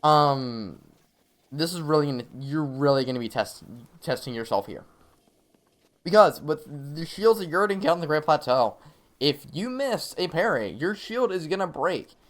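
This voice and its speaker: A man's voice: a little high, animated, normal speed, a bit bright. A young man streaming a game live, explaining tactics casually with frequent laughs and fillers. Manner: chatty, laughs often, many fillers. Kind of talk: live gameplay commentary and tips.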